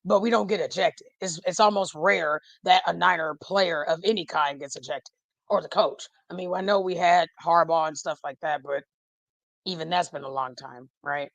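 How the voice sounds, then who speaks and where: A woman, a podcast guest chatting casually about football, animated and laughing often, trailing off mid-thought. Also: fairly low pitch, moderate pace, vocal fry, dry recording, dull audio. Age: 40s. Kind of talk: casual fan chat.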